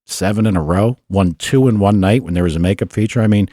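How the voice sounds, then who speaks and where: Man, low voice, lively storyteller, dry studio sound. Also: fast talker, no room sound. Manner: animated storyteller, laughs often, acts out quotes. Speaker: podcast co-host. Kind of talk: casual storytelling chat.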